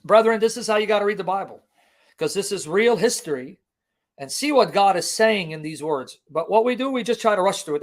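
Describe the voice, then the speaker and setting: A man's voice: sits high, animated, fairly quick. A man preaching in a livestream Bible teaching, impassioned and emphatic, firing rhetorical questions at his listeners. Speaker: Christian preacher and apologist.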